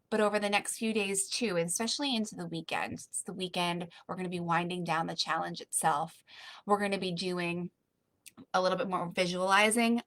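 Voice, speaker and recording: A woman's voice: fairly low pitch, sharp tone. A woman coaching a group of women live online, encouraging and soothing as she leads breathing and affirmations.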